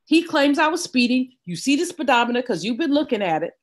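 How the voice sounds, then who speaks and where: An older woman, a guest in an interview, telling a personal story in a vivid, animated way. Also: high voice, fast. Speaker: guest economist.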